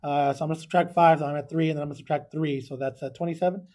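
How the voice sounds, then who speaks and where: A man's voice: on the high side, fairly even intonation, racing, a little mellow, slight background noise. A male math teacher giving a chatty classroom lesson, often asking the class questions and wandering off on tangents. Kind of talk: classroom lesson, recorded for video. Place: classroom with students.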